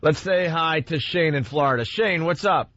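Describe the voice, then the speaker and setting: Brief rambling male radio host, fairly high voice, dull broadcast sound. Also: normal speed, slight background noise. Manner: rambling, excitable, many restarts. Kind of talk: casual radio banter.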